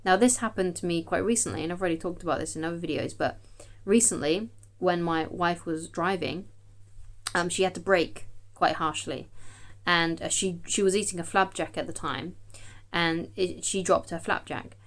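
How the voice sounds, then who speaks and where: A woman's voice: on the low side, moderate pace. A woman, a dating coach, giving chatty, emphatic advice straight to camera and often checking in with "okay?". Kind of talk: direct-to-camera advice talk.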